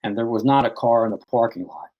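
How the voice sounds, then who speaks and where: A man in an interview tells a long personal story. He rambles as he goes, with a steady stream of "you know" and sentences that restart midway. He is the author guest recounting what happened to him. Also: medium pitch, quick pace, lo-fi sound.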